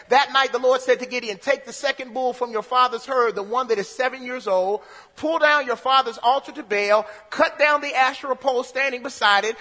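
A man's voice: very high-pitched, pushed and bright, big-room sound. A man preaching a sermon. He reads scripture aloud and then preaches, repeating phrases and restarting sentences.

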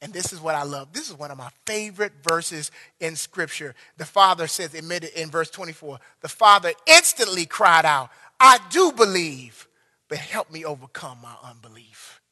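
A man preaching a sermon, impassioned, swinging between loud bursts and hushed lines. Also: a little high, normal speed, few pauses. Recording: long hall reverb.

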